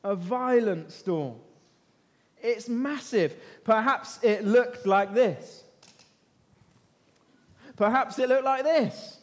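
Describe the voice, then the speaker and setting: A man teaching an interactive Bible lesson as an animated storyteller, asking his listeners questions. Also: extremely high pitch, takes it slowly, long pauses. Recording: long echo of a large hall.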